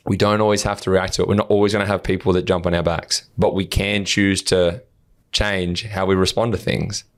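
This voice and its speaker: Deep-voiced man, earnest and blunt. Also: level tone, fairly quick. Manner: earnest, swears freely, acts out replies to trolls. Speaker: podcast co-host. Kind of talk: casual podcast chat.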